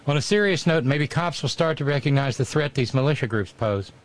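A man's voice: a little high, lively intonation, brisk. Sardonic man reading listener mail. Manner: sardonic, wry asides. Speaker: host reading listener notes. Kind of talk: casual talk show banter.

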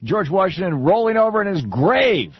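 A man's voice: high-pitched, sing-song, moderate pace, muffled recording, crowd noise. A middle-aged man hosting a talk radio show, lecturing in an indignant, sarcastic way.

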